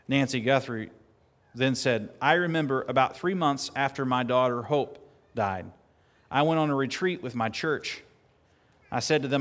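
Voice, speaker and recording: A man preaching a sermon earnestly, at times building to emphatic, louder peaks. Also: medium pitch, moderate pace. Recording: long hall reverb.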